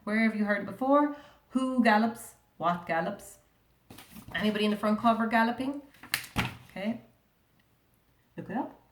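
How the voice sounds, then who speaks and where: Irish woman teacher in an echoey room. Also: medium pitch. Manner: patient, sounds out words slowly, asks many questions. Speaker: primary school teacher. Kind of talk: recorded remote reading lesson.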